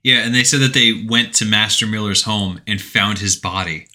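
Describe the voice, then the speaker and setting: A man co-hosts a casual podcast, walking through a game's story in a bright, forward voice. Now and then he breaks into loud put-on voices for the characters' lines. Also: lowish voice, level tone, moderate pace. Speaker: podcast co-host. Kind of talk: casual podcast recap of a video game.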